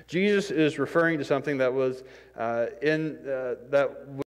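A man preaching in a church sanctuary, speaking at an ordinary pitch. His delivery is conversational and self-deprecating, and he acts out the people in his stories. A long reverb trails off behind his voice. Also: moderate pace, clean tone. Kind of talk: sermon.

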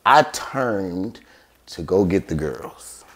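A man's voice: sits low, very animated, very slow. A man telling a story in casual podcast chat, acting out quoted voices and swearing freely.

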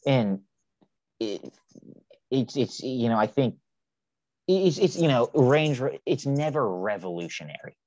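A man in a casual car chat, telling stories in a relaxed way. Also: medium pitch, a little slow, long pauses, lo-fi sound.

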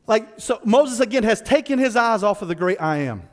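Man, pastor, sermon, playful voiced asides, very expressive pitch, long hall echo. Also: a little fast. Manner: animated preaching with playful voiced asides, laughs with the congregation. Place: church sanctuary.

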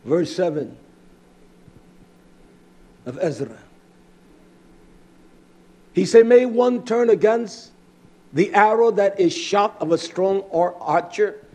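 A man preaching a fiery sermon, fervent and emphatic, drawing out words and breaking into shouts. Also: high voice.

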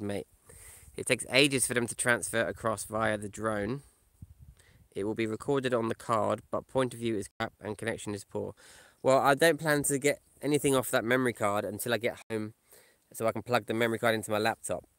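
A man's voice: mid-range voice, fairly bright tone, dry recording. A man vlogging live from his camper van, chatting casually and reading out viewers' comments. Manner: casual, chatty, reads comments aloud and answers them. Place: in a camper van or parked outdoors.

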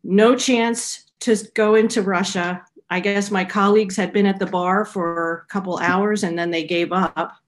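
A woman's voice: medium pitch, steady tone, measured pace, hardly any pauses. A middle-aged woman, a researcher, casually telling a personal anecdote with small restarts. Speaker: researcher being interviewed.

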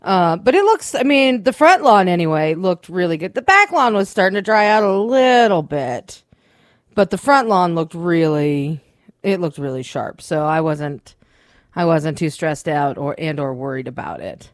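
A woman's voice: lowish voice, lively intonation, moderate pace, no room sound. Chatty woman radio host, dry mic. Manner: chatty storyteller, swears freely, acts out quotes. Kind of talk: casual chat.

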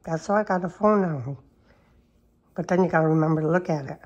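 A woman's voice: low voice, brisk, a little mellow, highs cut off. A woman talking baby talk to her cats at home, cooing and sometimes whispering in a sing-song way. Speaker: cat owner filming her cats. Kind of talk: casual baby talk to pets. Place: home, at a table with coffee.

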